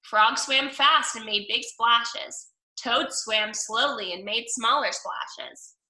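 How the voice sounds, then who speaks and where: A woman reading a children's storybook aloud in a clear, steady, gentle manner, in a roomy room with the mic at a distance. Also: a little high, slow pace. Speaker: storybook reader.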